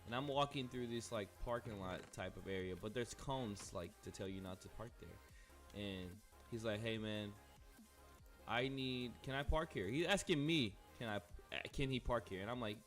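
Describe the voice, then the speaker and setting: A man's voice: medium pitch, normal speed, a bit bright, faint music behind. A young man casually telling a rambling, profane story while playing a game. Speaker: gaming streamer.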